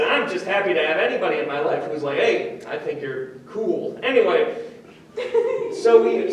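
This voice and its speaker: A young man doing a stand-up comedy set before a live audience, self-deprecating and rambling, with restarts and quick switches into other voices. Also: high voice, a little hiss or hum. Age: young adult. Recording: echoey room, far from the mic.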